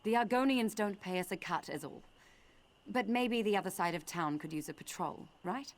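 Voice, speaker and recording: A woman's voice: mid-range voice, lively intonation, moderate pace, slight background noise, close to an everyday voice. An actress voicing a curt, defensive woman mercenary in a fantasy game.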